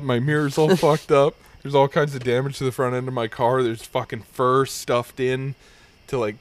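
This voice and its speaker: A young adult man hosting a podcast, telling a long, rambling story full of profanity in a relaxed, casual chat. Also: mid-range voice. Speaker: podcast host.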